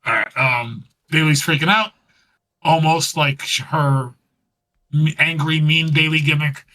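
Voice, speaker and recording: A man's voice: fairly high pitch, unhurried, sharp tone, poor audio. A man co-hosting a podcast, casually recapping wrestling, rambling and laughing as he acts out what was said. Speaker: podcast co-host.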